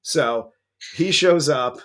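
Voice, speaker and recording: A man's voice: on the high side, slow pace. A man co-hosting a movie review, retelling the plot in a casual, profane, joking way. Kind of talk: casual comedic film recap.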